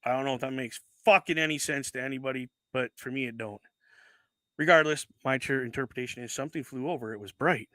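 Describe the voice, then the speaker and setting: A man's voice: mid-range voice, fast talker, sharp tone, no echo. A man hosting a casual livestream, chatting as he unboxes, rambling, correcting himself and swearing casually into a desk microphone. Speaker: livestream host.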